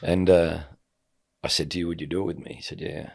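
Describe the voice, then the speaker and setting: A man's voice: deep voice, little pitch movement, fairly quick, gravelly, darkish tone, husky. A middle-aged man telling a personal story in casual conversation, acting out the dialogue as he goes. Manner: vivid storyteller who acts out quoted dialogue. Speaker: podcast guest, sports commentator.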